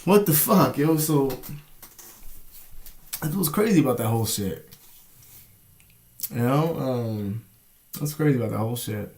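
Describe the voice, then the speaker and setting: A man's voice: mid-range voice, moderate pace, pauses often, darkish tone. A young man telling a rambling, profane story in a casual vlog, often asking "you know what I'm saying". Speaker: vlogger.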